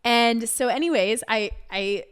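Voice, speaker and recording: A woman's voice: a little slow, smooth. A young adult woman hosting a solo podcast, telling a story in a casual way, swearing and saying "like" and "literally" often. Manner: animated, acts out quoted people with big pitch jumps. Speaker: podcast host.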